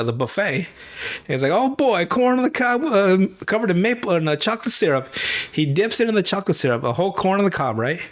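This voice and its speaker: A podcast host retells a cartoon episode in casual, profane chat, laughing often and dropping into quick character voices. His voice is a little high.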